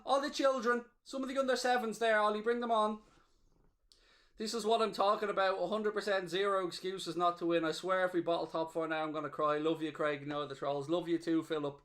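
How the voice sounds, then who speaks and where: A man's voice: high voice, brisk. A man hosting a live football watchalong, cheering, gloating and reading out viewer messages. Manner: excitable, cheering and gloating, reading chat aloud. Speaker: watchalong host. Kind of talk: live match watchalong commentary.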